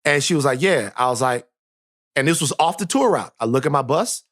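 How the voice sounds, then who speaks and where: Animated male podcast co-host. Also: medium pitch, a little fast. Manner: animated storyteller, repeats phrases for emphasis. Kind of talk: casual chat, animated storytelling.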